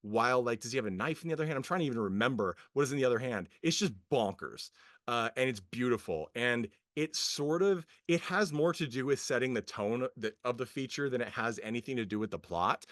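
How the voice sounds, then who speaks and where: Man, podcast co-host, casual film chat, rambling, lots of fillers, amused, mid pitch, dry close sound. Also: fairly quick, no echo. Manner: rambling, hesitant, many fillers and restarts; animated, amused, laughing often.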